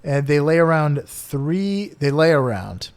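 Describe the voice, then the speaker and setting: A man's voice: fairly high pitch, very animated, unhurried, clean tone. A man co-hosting a casual podcast, reading out animal facts and joking around between them. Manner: playful, reads facts then riffs with jokes. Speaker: podcast co-host presenting bird facts. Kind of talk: casual chat.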